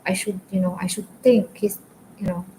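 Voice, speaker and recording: A Filipino woman whose first language is Filipino speaks English as a second language while chatting casually on a live stream, talking openly about her relationship and calling her viewers "guys." Her voice is medium-pitched and dark, fairly even, at normal speed. The recording is rough, with slight background noise.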